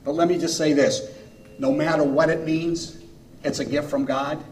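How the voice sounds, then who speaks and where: A man's voice: a little high, level tone, slight background noise. Earnest preaching man in an echoey church. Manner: earnest, pausing phrase by phrase, swinging between loud and soft. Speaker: pastor. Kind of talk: sermon. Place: church sanctuary. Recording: echoey room, mic far off.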